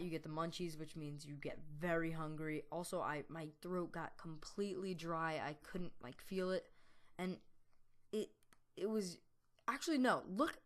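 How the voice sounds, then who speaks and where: A teenage boy, a gaming YouTuber, telling a long story over gameplay, rambling with lots of fillers and restarts. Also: fairly high pitch. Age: teens. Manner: laughs now and then while telling.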